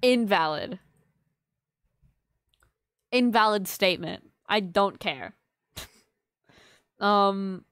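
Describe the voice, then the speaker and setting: A woman's voice: medium pitch, lively intonation, very slow, pauses often, fairly bright tone, smooth, no echo. A woman streaming live, chatting casually with her viewers and teasing them in a playful, mock-offended way. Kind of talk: casual livestream chat with viewers.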